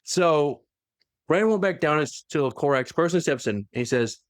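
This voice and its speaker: Animated man retelling a story. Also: on the high side, no echo, clean studio sound. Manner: animated, acts out characters' lines in quick voices. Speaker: podcast co-host retelling a novel. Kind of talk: casual lore recap chat.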